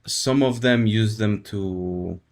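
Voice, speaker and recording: A man's voice: fairly low pitch, slow. A male livestreamer chatting casually with his audience, laid-back and jokey, reacting to chat with laughs. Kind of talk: casual live-stream chat.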